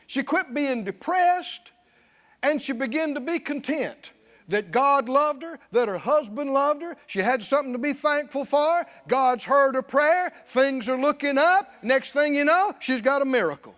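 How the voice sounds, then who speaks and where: A man preaching a sermon, emphatic, at times shouting and at times dropping low. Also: animated, unhurried. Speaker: pastor.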